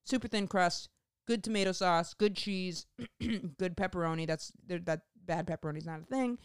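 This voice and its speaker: A woman telling a rambling, profane comic story in a casual monologue, going off on animated tangents. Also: fairly low pitch, normal speed, smooth, dry recording, clean studio sound.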